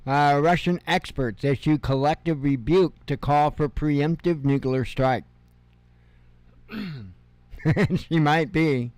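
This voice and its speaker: A man's voice: on the high side, slow, pauses often, a little mellow, no echo. Sarcastic man in his fifties reading headlines. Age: 50s. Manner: sarcastic asides, chuckles between headlines. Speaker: news show host. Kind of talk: casual headline reading with commentary.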